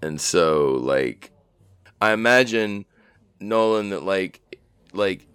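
A man at a tabletop game steps out of character to clarify a point, careful and hesitant. His voice is very deep and smooth, recorded dry and close. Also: lively intonation, takes it slowly, a bit bright, no echo. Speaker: player.

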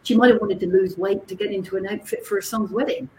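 Lively woman teaching in an echoey room. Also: mid-range voice, quick pace, hardly any pauses, slight background noise. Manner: lively, animated storyteller who checks in with "okay?". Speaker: psychologist and communications trainer. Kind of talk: teaching talk with anecdotes.

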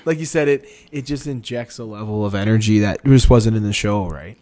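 A man chatting casually on a podcast, speaking softly with trailing phrases and agreeing murmurs. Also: on the low side, fairly quick. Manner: soft-spoken, trails off, many fillers and agreeing murmurs. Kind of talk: casual chat recapping a TV show.

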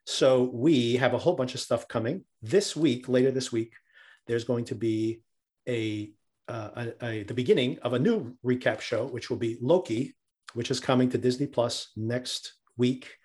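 A man's voice: mid-range voice, normal speed, darkish tone, breathy edge. A man from New Jersey co-hosting a podcast in casual chat, talking loosely with many fillers and frequent laughs. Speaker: podcast co-host.

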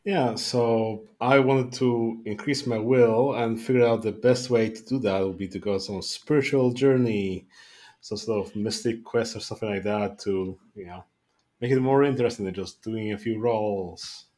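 A man's voice: lowish voice, normal speed, darkish tone. A man playing a tabletop game, talking casually and hedging with "you know". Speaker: player. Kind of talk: casual tabletop role-play.

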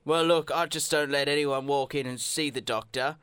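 A man's voice: on the high side, fairly even intonation, normal speed, a bit bright, clean tone, no room sound, studio quality, lightly acted. A man voicing a pompous, condescending doorman at a fancy hospital, in a put-on British accent. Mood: snooty. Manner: snooty, condescending.

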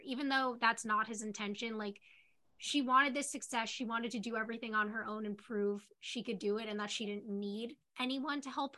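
A woman's voice: fairly high pitch, pushed and bright. A woman co-hosting a podcast, talking through a character's feelings in casual chat with many fillers. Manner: thoughtful, filler-heavy analysis. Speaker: podcast co-host. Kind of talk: casual discussion.

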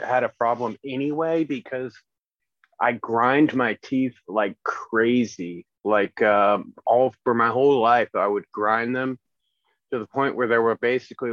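A man on a podcast talking in casual chat, with a slight lisp from missing teeth and a halting way of speaking full of fillers. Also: mid-range voice, dry recording. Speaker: returning podcast guest. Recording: dry, dull lo-fi sound.

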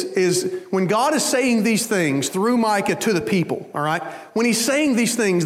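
A man's voice: sits high, in a large hall. A middle-aged man preaching a sermon, telling folksy stories with conversational asides to his congregation. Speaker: pastor.

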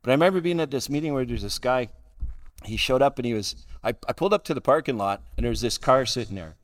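A man's voice: medium pitch, lively intonation, fast talker. A middle-aged man tells his own story to a gathering in a wry, self-deprecating way. He keeps a dry sense of humour and chuckles at his own jokes between lines. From Calgary, Canada. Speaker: guest speaker at a recovery roundup. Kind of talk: humorous personal storytelling talk.

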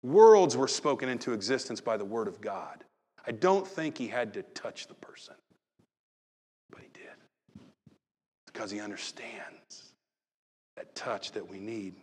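A pastor preaching a sermon, moving from loud acted-out calls to soft, hushed talk. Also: male voice, fairly low pitch, very animated, measured pace, pauses often, breathy edge, in a large hall.

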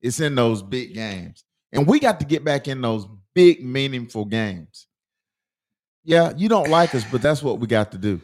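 A man co-hosting a casual sports talk show, telling stories in an animated, emotional drawl. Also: mid-range voice, a little slow.

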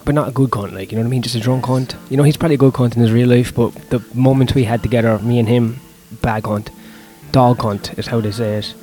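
A man's voice: medium pitch, fairly even intonation, fast talker, dark tone. A young man, a stand-up comedian talking through his gigs in a casual, profane, self-deprecating ramble, with faint music behind him. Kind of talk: casual vlog monologue.

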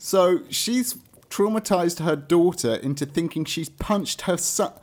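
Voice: medium pitch, unhurried, darkish tone, a little hiss or hum. A co-host reacting to a story with incredulous, giggly remarks. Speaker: co-host listener. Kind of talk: casual reactive chat.

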